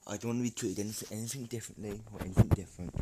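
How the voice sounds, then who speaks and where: A man's voice: on the low side, steady tone, very fast, dark tone, slight background noise, close to an everyday voice. A man reading as a shy teen boy inventor. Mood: earnest. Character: teenage boy inventor hero, earnest, shy.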